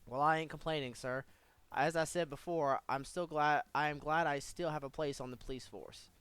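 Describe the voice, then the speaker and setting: A man reading a young woman detective's lines from a game aloud, in a casual, flat way. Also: a little high, normal speed, smooth, no room sound, lightly acted. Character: young female detective, tough, plain-spoken.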